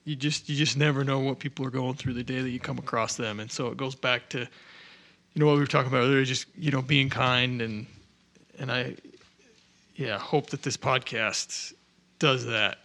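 A man's voice: mid-range voice, steady tone, normal speed, bright, forceful tone. A man co-hosting a podcast in casual chat, talking earnestly with many hesitations. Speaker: podcast co-host.

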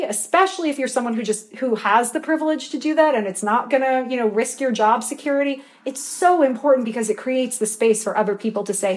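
A woman author answering interview questions with earnest passion, using lots of fillers as she talks. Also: medium pitch. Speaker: author and guest.

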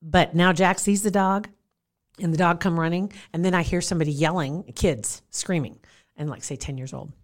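A woman in casual chat, telling a story in an animated way and laughing often. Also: lowish voice, moderate pace.

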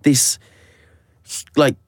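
A man's voice: extremely slow, dry recording, clean studio sound. A man co-hosting a casual chat show, laughing often as he reads out listener confessions. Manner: giggly, animated, laughs through his words. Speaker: podcast co-host.

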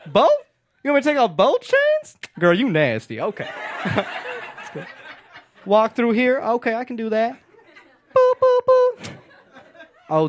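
A man doing a deadpan, self-mocking stand-up set on a club stage with a handheld mic. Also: high voice, slight background noise. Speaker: stand-up comedian. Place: comedy club stage before a live audience.

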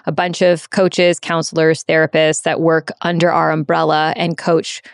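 A woman's voice: low-pitched, flat delivery, moderate pace, clear, resonant tone, no room sound, clean studio sound. A woman in her thirties from the United States, a guest coach talking openly and reflectively in an interview, often restarting her sentences. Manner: open, reflective, many restarts. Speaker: guest, sex and relationship coach. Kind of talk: candid interview conversation.

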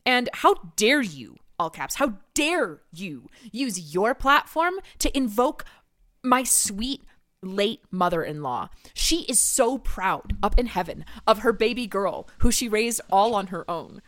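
A woman's voice: mid-range voice, sing-song, takes it slowly, fairly bright tone, dry recording, studio quality. A woman playing a self-righteous husband who defends his wife, talking in an indignant, preachy way, in comedy improv. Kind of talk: comedy improv of social media comments.

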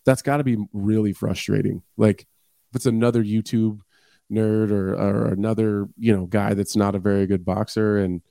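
Blunt profane man, podcast co-host, low mellow voice, dry close sound. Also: steady tone, moderate pace, creaky, no room sound. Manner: blunt, profane, loose and rambling. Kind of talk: casual chat.

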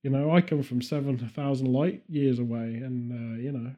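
A man's voice: mid-range voice, fairly even intonation, normal speed, mellow. A man hosting a podcast in a casual, jokey way with playful earnestness. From Britain. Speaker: podcast host. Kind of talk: casual comedic chat.

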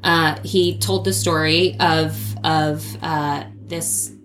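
A woman's voice: low voice, little pitch movement, slow pace, fairly bright tone, slight background noise. Candid woman in an echoey room. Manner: candid, earnest, with frequent fillers. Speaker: podcast guest. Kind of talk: casual conversation.

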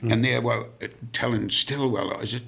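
A man's voice: medium pitch, fairly even intonation, moderate pace, creaky, a bit bright, breathy edge. An older man in his seventies, a rock singer as guest, rambling through anecdotes with many fillers and casual swearing. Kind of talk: casual storytelling chat.

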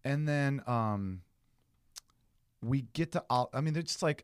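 A man telling a story in casual chat, his pitch leaping all over as he acts out each quoted voice. His voice sits at a middle pitch and sounds dry and close to the mic, with no room around it. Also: animated, unhurried, long pauses, smooth, dry recording.

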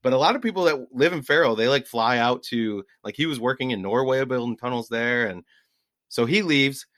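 A man in his forties, a podcast guest telling travel stories in an animated, laughing way. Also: medium pitch, fairly quick, no room sound. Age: 40s. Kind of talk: casual storytelling.

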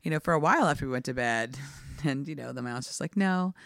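A woman on a podcast telling a family ghost story in a relaxed way, with little laughs. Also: extremely low pitch, fast, gravelly, no echo, studio quality. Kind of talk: casual chat.

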